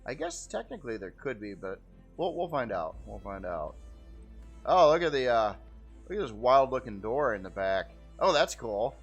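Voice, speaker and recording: A man's voice: on the low side, very animated, moderate pace, husky, faint music behind. A man giving casual, rambling gameplay commentary as host, easygoing and often repeating how cool things look. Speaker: game video host.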